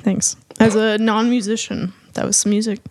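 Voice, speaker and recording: A woman's voice: medium pitch, flat delivery, moderate pace, darkish tone, dry recording. A woman co-hosting a podcast in casual chat, playful and giggly, talking very close to the mic. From American South. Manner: playful, giggly, sings silly filler sounds. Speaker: podcast co-host.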